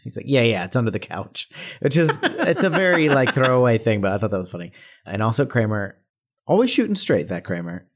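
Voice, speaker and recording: A man's voice: mid-range voice, big pitch swings, a little fast. A man co-hosting a podcast in casual chat, often chiming in with short agreements. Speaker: podcast co-host.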